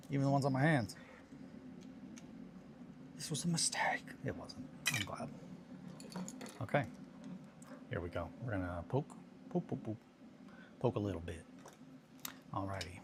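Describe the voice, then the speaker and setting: A man in his thirties hosting a hobby stream, chatting casually in a rambling, self-deprecating way while he works on miniatures. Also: fairly low pitch. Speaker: hobby livestream host. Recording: noticeable background noise.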